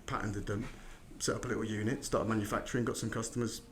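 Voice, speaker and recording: A man's voice: fairly low pitch, steady tone, fast, slight background noise. A middle-aged man from London, with a slight Midlands tinge to his accent, chatting as a podcast guest and telling his story with plenty of restarts. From England. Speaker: podcast guest, recruitment founder. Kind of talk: casual interview chat.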